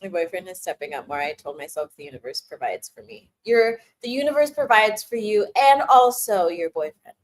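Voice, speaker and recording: A woman's voice: mid-range voice, expressive, normal speed, hardly any pauses. A young woman hosting a casual live-stream Q&A, giggling often and teasing her chat as she gives playful advice. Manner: giggly, laughs often between phrases.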